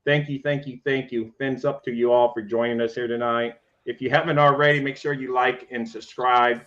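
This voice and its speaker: A man's voice: mid-range voice, little pitch movement, moderate pace, a bit bright, lo-fi sound. A man co-hosting a casual sports talk show in an easygoing, agreeable way, with many "you know" fillers. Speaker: podcast co-host.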